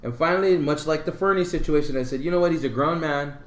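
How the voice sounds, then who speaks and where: A man on a podcast casually telling a long, rambling story, full of fillers and animated retellings. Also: fairly high pitch, fast talker. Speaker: podcast co-host. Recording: roomy echo.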